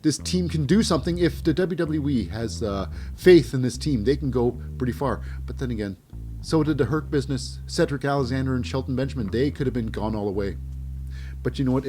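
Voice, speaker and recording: A man's voice: mid-range voice, warm tone. Cynical rambling male wrestling recap host. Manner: cynical, rambling, with hesitant fillers and mocking voices for the wrestlers. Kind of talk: casual recap commentary.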